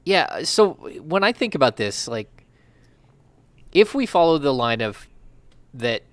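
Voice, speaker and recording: A man's voice: fairly high pitch, big pitch swings, measured pace, a bit bright, dry recording. A man, a sports reporter co-hosting a podcast, chatty and reasoning aloud. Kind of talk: casual sports chat.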